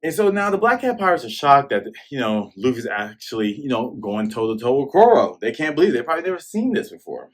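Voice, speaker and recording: A man hosting a manga review show, retelling a chapter in a casual, excitable way and acting out the scenes as he goes. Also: mid-range voice, quick pace, hardly any pauses.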